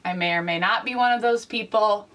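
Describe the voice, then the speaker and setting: A woman hosting a casual comedic vlog, delivering wry, deadpan asides. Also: mid-range voice, fairly quick, distant mic, faint music behind. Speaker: vlog host.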